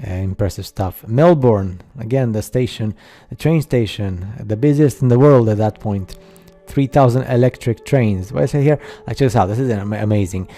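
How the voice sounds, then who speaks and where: Dark-voiced man, halting skeptical narration. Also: fairly low pitch, faint music behind. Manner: halting, many fillers and restarts, skeptical asides. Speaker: narrator of a slideshow video. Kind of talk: casual voice-over commentary.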